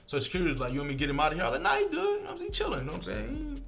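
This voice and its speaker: A man's voice: high voice, rapid-fire, creaky, soft background music. A man casually telling a story to his viewers, acting out the lines of the people in it and swearing freely. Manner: animated, acts out quoted lines, swears freely.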